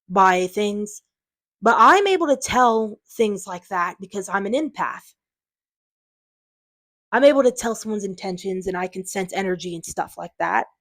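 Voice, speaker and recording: A woman talking to her viewers in an unscripted vlog, defensive and frustrated, rambling with lots of fillers. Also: medium pitch. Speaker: channel owner.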